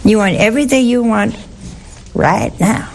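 Woman bible teacher, unhurried and a bit gravelly, chatty, quizzes the group as she goes, light hiss under it. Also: mid-range voice, sing-song. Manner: conversational, keeps asking listeners questions.

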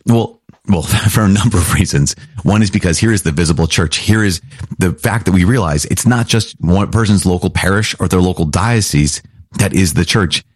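A man's voice: low-pitched, moderate pace, breathy edge, dry recording, studio quality. A man teaching as a priest, talking through the catechism in an enthusiastic, conversational way with frequent restarts. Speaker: Catholic priest.

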